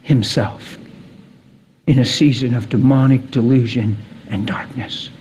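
A man preaching a sermon, telling stories dramatically, sinking to a whisper and then rising to excited peaks. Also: mid-range voice, measured pace, a little hiss or hum.

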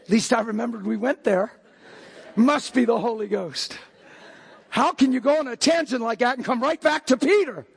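An older man delivers a sermon from the pulpit. His voice sits strikingly high and carries a gravelly rasp, and he keeps jumping from calm explaining to fiery shouted lines. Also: moderate pace. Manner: preaching with sudden shouted outbursts. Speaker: pastor.

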